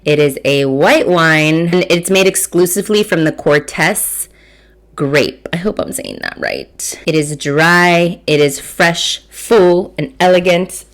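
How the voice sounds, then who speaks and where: A woman's voice: lowish voice, animated, slow pace. A woman in her thirties from Texas hosting a casual food and wine podcast, chatty, self-mocking and swearing freely while she eats. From Mission, Texas. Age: 30s. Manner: eating and tasting while talking. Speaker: podcast host.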